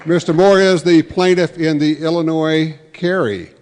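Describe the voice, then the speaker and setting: Folksy male emcee, a touch high, telling jokes at a luncheon in a reverberant hall. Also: steady tone, normal speed, a little mellow, a little hiss or hum. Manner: folksy, with self-correcting restarts. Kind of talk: joke-telling emcee remarks. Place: large banquet hall.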